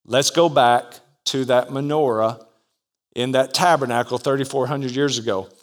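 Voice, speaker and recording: A man's voice: mid-range voice, steady tone, normal speed. A man preaching a sermon as pastor, dynamic, acting out the voices in his story and calling out for amens.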